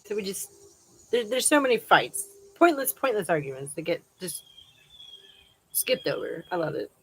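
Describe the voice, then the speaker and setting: A woman's voice: a little high, sing-song, a little slow, pauses often, slightly rough, rough recording. A woman hosting a live chat outdoors, casually reading viewer comments aloud and laughing often.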